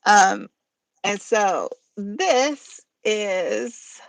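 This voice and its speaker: Speaking extremely slowly in a creaky, expressive, medium-pitched voice, a woman hosts a live poetry stream. The dry recording catches her chatty, meandering explanation of the rules, punctuated by easy laughter.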